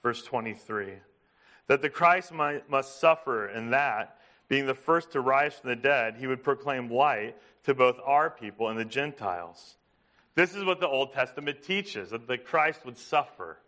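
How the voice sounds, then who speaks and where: Guy preaching a sermon, punchy and emphatic, asks the crowd stuff, mid-pitched voice. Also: expressive, unhurried, pushed and bright. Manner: emphatic, asks the congregation questions. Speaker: pastor.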